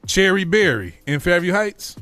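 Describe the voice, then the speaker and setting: A man's voice: high-pitched, big pitch swings, normal speed, pushed and bright, dry recording, faint music behind. Slangy male radio host reminiscing. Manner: reminiscing, quizzing cohosts in slangy banter. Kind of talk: casual radio chat.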